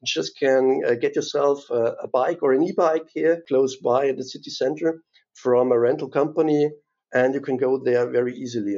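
A man's voice: mid-range voice, normal speed, a little mellow, lo-fi sound. A man from Bavaria with a German accent, a tourism board chief answering interview questions in English, hesitant with many fillers. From Bavaria, southern Germany. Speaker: tourism board CEO, guest.

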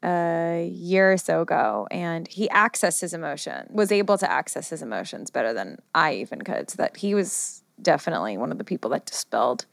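A woman's voice: low voice, expressive, brisk, vocal fry, few pauses, dry recording, clean studio sound. An American woman hosting an interview, chatty and effusive, sharing personal stories between questions. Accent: American English. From United States. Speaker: interview host. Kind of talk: casual interview conversation.

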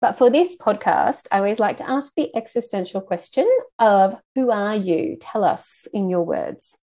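A woman's voice: medium pitch, animated, moderate pace, warm tone. A woman hosting a podcast interview, introducing her guest with enthusiasm. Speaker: podcast host.

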